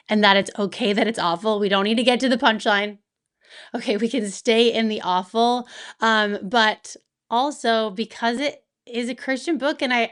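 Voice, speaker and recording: A woman in an interview, talking candidly and reflectively with frequent soft laughs. Her voice is smooth and clear, pitched in the middle range. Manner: open, reflective, laughs often while talking. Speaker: author and guest.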